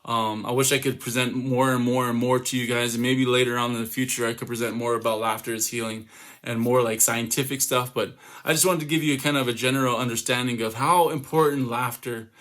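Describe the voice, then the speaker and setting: A man with a bright, forceful voice gives an upbeat motivational talk to young people. He is a comedian, and he tells stories by acting out quick quotes. It sounds like a home video-call recording. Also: mid-range voice. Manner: lively storytelling with acted-out quotes and laughter. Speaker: comedian and youth speaker. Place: home, online summit.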